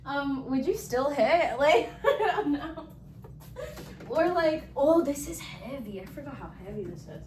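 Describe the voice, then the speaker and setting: A woman's voice: sits high, lively intonation, a little slow, a little mellow. A young woman vlogging casually at home, rambling and giddy, with lots of fillers and squeals while she builds furniture. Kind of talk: casual storytime chat. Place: home room, indoors.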